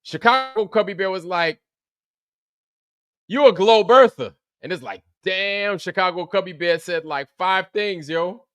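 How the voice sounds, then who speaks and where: A man's voice: sits high, normal speed, few pauses, pushed and bright, smooth, dry recording. A man hosting a livestream, chatting casually about a show that just ended. He swears freely, laughs often and greets viewers by name. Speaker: livestream host. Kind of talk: casual livestream recap chat.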